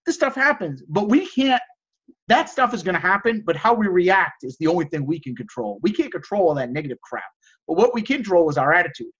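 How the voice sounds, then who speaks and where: A man coaching resellers in a casual motivational talk, energetic and repeating key phrases for emphasis. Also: sits high, brisk, breathy edge, lo-fi sound.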